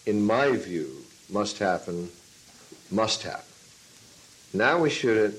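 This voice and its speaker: A fairly low-voiced man talks as a film and stage director in an interview. He tells his stories with life, acting out what he once said. He also teaches a class. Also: a little hiss or hum, rough recording. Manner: lively storyteller, acts out his own past lines. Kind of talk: interview answer, telling a story.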